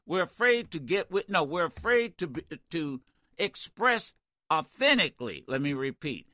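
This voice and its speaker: Lively, bright-voiced male radio host. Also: high-pitched, no echo, clean studio sound. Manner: combative, emphatic, repeats himself. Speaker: radio talk show host. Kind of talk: call-in talk radio.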